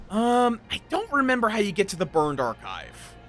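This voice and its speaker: A playful male game streamer rambles on, greeting his chat as he plays. His voice sits high and swoops up and down with a lively, animated range. The tone is bright and a little sharp. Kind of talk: casual live-stream chatter.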